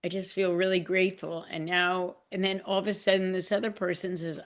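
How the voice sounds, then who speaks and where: A woman's voice: lowish voice, flat delivery, a little fast, gravelly, hardly any pauses. A woman in a group discussion sharing personally, emotional and self-deprecating, stumbling and restarting often. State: emotional, near tears. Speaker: group participant. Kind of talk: casual heartfelt sharing.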